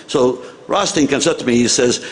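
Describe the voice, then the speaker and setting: An older man from the United States, a former senator, telling an animated story to an audience and acting out the dialogue. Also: medium pitch, moderate pace, a little hiss or hum. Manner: animated, acts out dialogue, chuckles at own story.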